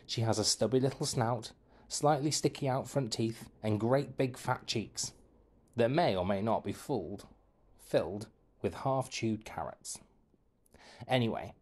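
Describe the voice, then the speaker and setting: A male teacher narrates a children's book with a mid-pitched voice, reading in a lively, playful way. He leans into the comic lines and shifts his delivery for each quoted voice, keeping a friendly storytelling flow. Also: moderate pace.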